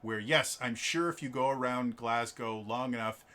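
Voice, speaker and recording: A man from Wisconsin running a tabletop game, chatting casually with animated, joking asides. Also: medium pitch, normal speed. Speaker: game master. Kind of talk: casual chat.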